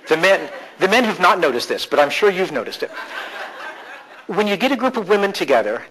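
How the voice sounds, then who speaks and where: Man, conference presenter, joking, animated storyteller, slightly high voice. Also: poor audio. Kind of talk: humorous live keynote talk. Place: conference session room.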